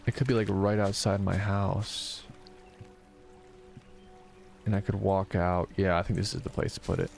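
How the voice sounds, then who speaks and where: Tired, gravelly-voiced man. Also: low voice, little pitch movement, moderate pace, long pauses, soft background music. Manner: soft-spoken, reading and answering chat. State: tired and low energy. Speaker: streamer. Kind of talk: casual live-stream chat while gaming.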